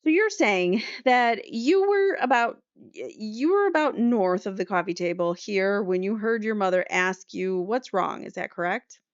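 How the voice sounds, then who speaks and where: A woman's voice: mid-range voice, animated, measured pace, smooth, no room sound. A woman voicing a courtroom prosecutor who cross-examines with pressing, repetitive questions. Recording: slightly muffled dry recording.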